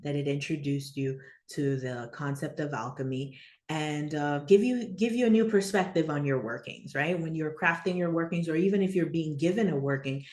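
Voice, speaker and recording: Her voice sits low and her pace is moderate as the spiritual teacher rambles through an informal online lesson. She checks in with "right?" and "okay?", laughs easily, and grows animated during stories, all in an echoey room.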